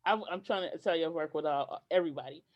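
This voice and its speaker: Animated woman telling stories. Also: deep voice, fast talker, dull audio. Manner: animated, acts out quoted dialogue. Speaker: guest. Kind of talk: podcast interview storytelling.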